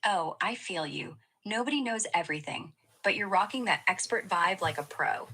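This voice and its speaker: A woman's synthetic assistant voice answers in a playful, slangy, flattering way. Her tone is bright and upfront, with a husky, breathy edge. She keeps the chat light and easygoing throughout. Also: medium pitch, normal speed, poor audio. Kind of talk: upbeat conversational replies.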